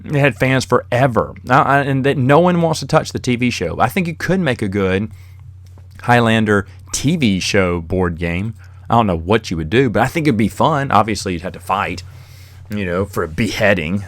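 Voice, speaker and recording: A man's voice: lowish voice, dry recording. A man hosting a podcast on his own, telling rambling stories in a casual monologue and chuckling as he goes. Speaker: podcast host.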